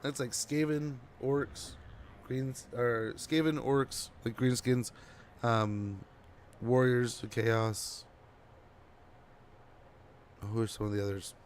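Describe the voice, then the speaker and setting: A sleepy man chats his way through a strategy game on a live stream, rambling loosely to viewers. His voice sits at an ordinary middle pitch, with faint room noise behind him. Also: steady tone, slow, pauses often. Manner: chatty and rambling, talking to chat while playing. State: drowsy. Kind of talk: casual gameplay commentary.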